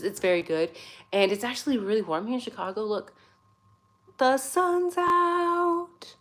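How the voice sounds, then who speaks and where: A woman in her forties whose first language is not English, hosting a casual livestream from her phone, chatty and sassy, tired but caffeinated. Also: fairly high pitch. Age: 40s. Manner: chatty, sassy, greets viewers by name. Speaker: livestream host.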